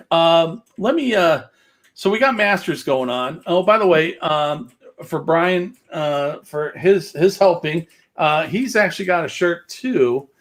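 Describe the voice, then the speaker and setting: A man's voice: a little high, animated, takes it slowly. A man hosting a casual livestream, rambling with many fillers and jokes. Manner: rambling, filler-heavy, joking. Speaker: host of a livestreamed gaming show.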